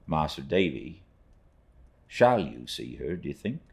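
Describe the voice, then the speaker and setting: A man's voice: rumbling low, very animated, a little mellow, heavily acted. A man voicing Ham, a heartbroken young fisherman. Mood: humble. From Britain. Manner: rustic dialect speech, halting and plain. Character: young male fisherman, humble, heartbroken, earnest.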